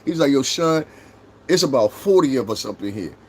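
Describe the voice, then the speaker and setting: A man's voice: mid-range voice, lively intonation, normal speed, husky. A man with a New York accent in his thirties, hosting a casual livestream, brash and profane as he talks straight to his chat. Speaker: livestream host.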